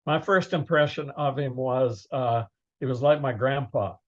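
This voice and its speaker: An older man, a guest in a casual interview, speaking in a plain, measured way. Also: mid-range voice, dull audio.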